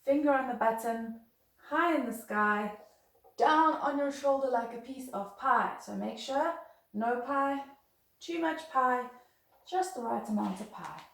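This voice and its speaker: Woman, violin teacher, upbeat and encouraging, slightly high pitch, echoey room. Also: expressive, unhurried, creaky. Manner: patient, encouraging, counts and chants rhythms aloud. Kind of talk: beginner music lesson. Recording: roomy echo.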